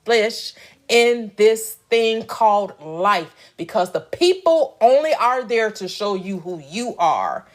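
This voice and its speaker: A woman's voice: medium pitch, expressive, slow. A woman giving a preachy spiritual talk, repeating phrases and asking questions back to listeners. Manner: preachy, repetitive, call-and-response. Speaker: spiritual teacher. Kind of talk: motivational spiritual teaching.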